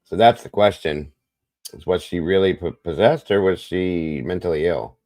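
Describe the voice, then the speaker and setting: A man's voice: low voice, normal speed, warm tone, no echo. A man hosting a live stream, chatting casually with his viewers and often calling them guys, while he has the hiccups.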